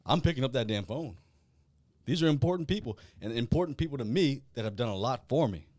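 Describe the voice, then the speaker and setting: A man, hosting a casual podcast and talking in a blunt, profane, animated way. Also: medium pitch, fast, dry recording. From South Louisiana. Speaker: podcast host.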